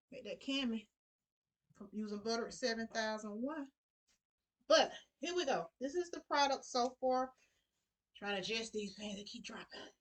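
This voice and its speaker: A woman's voice: high-pitched, a bit bright. A middle-aged woman giving a casual sewing tutorial, chatty and talking to her viewers as y'all. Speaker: sewing vlogger.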